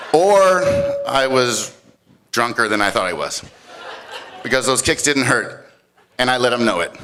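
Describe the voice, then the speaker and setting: A man telling a story live on stage at a competition, animated and swinging from loud shouts to hushed tones. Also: fairly high pitch, slight background noise.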